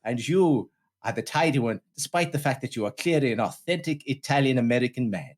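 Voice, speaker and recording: A man playing a pompous British actor badly faking an American, in a slow, mannered drawl. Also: a little high, lightly acted. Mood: hammy.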